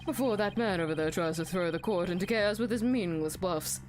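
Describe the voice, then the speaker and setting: A woman's voice: lowish voice, brisk, a little mellow, faint music behind, natural voice. A woman voicing a smug adult male chief prosecutor in an exaggerated, posh British accent.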